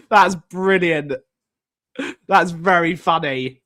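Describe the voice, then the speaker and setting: A man's voice: high-pitched, sharp tone, dry recording, clean studio sound. A man with an Essex accent, chatting casually on a live stream as he reads and answers viewer comments, stretching words out for emphasis. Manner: drawn-out emphatic words, muttering while reading comments.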